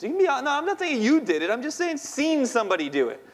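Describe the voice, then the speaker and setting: A man in his thirties tells a personal story to a live audience in a fairly high voice. He is playful and chatty, and keeps asking the crowd questions. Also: wildly swooping pitch, very fast. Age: 30s. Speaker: poet and speaker. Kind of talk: spoken-word storytelling talk.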